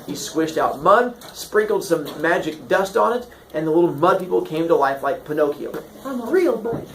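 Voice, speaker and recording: Here a fairly high-pitched man with some vocal fry teaches at a normal speed, spinning myths into comic tales. He's lively and jokey, doing silly voices for characters, in an echoey room with a faint hiss or hum.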